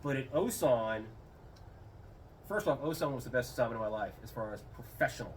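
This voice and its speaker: This interview guest, a middle-aged Air Force retiree, tells meandering stories in a casual setting and animatedly quotes people in a raised voice. He's medium-pitched and a little fast. A somewhat distant microphone picks up faint room noise.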